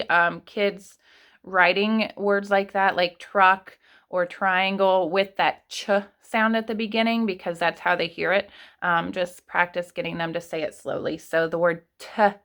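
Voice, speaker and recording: A woman's voice: mid-range voice, creaky, fairly bright tone. A woman teaching kindergartners online, patiently stretching words out sound by sound. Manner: patient, speaks slowly to children. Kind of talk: online lesson for young children.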